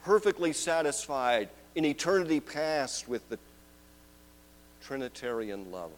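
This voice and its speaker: A man preaching a sermon, moving between loud proclaiming and hushed, drawn-out questions. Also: mid-range voice, expressive, a little hiss or hum, poor audio.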